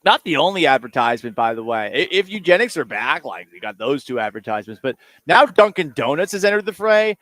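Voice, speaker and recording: A man's voice: on the high side, very animated, brisk, few pauses, a bit bright. A man hosting a sports radio show, talking casually in a sarcastic, rambling, self-mocking way.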